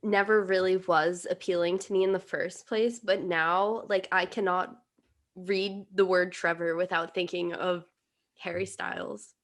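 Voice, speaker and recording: A young adult woman co-hosting a podcast, casually chatting and dropping quick joking asides between laughs. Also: fairly low pitch, steady tone. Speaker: podcast co-host. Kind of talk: casual chat.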